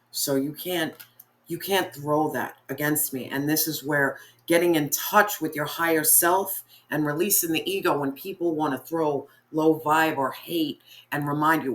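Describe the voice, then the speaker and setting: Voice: mid-range voice, normal speed, fairly bright tone. A tarot reader giving a spiritual reading in an earnest, encouraging way, speaking straight to the viewer and often repeating phrases for emphasis.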